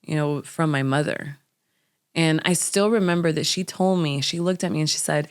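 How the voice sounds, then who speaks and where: A young American woman, guesting on a podcast, reflects candidly on her own experiences, openly sharing personal stories. Her low voice moves at a moderate pace with a clean tone.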